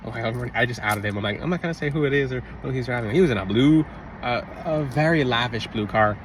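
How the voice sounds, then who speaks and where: A man telling a personal story in a casual, rambling monologue, interrupting himself and bursting into loud re-enacted shouts. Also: medium pitch, quick pace. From Florida. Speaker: religious vlogger. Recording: slightly distant mic, faint outdoor traffic noise.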